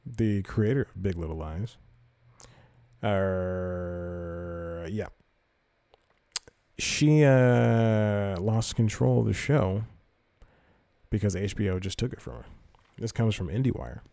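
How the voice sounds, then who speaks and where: A man's voice: fairly low pitch, slow, vocal fry, long pauses, mellow, no echo, clean studio sound. A man hosting a podcast, reading entertainment news aloud and rambling through it with self-corrections and casual asides. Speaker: podcast host.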